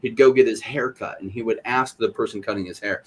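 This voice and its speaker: A man's voice: mid-range voice, quick pace, few pauses, husky. A middle-aged man chatting on a podcast, telling stories and acting out other people's lines in little quoted voices. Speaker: podcast panelist. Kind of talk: casual podcast chat.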